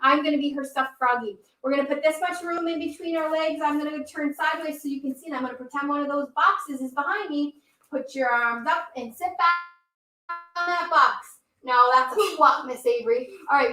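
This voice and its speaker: A woman's voice: sits high, a little fast, bright, forceful tone, distant mic. A woman leading a children's yoga story time, reading the story and coaching kids through poses with encouragement. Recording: echoey room, voice from off mic.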